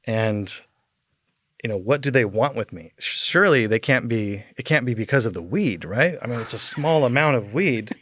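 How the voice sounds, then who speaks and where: A man's voice: medium pitch, expressive, normal speed, fairly bright tone, no room sound, studio quality. A man, a podcast guest, telling a long personal story in casual talk, rambling with many fillers and chuckling as he goes.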